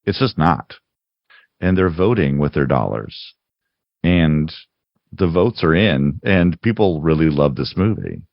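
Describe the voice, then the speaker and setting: With an extremely deep, fry-laden voice, this man co-hosts a podcast and chats casually about films, rambling and restarting often. He's animated yet unhurried. The recording is dry, dull and lo-fi.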